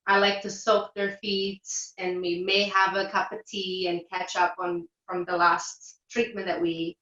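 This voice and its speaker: A woman's voice: fairly low pitch, little pitch movement, unhurried, sharp tone, muffled recording. Woman chatting with many fillers, roomy sound. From Portugal. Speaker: reflexologist guest. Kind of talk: casual interview.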